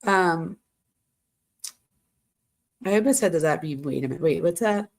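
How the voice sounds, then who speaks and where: Woman true crime host reading texts out slow, gasping little asides in between. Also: lowish voice, lively intonation, gravelly. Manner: reads slowly, breaking in with shocked asides. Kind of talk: reading text messages aloud with commentary.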